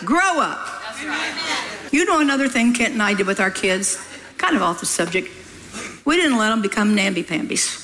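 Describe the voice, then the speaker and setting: An older woman preaching a sermon, lively and exclamatory, with playful asides and stories from her family life. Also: mid-range voice, moderate pace, pauses often, a crowd in the background, low-quality recording.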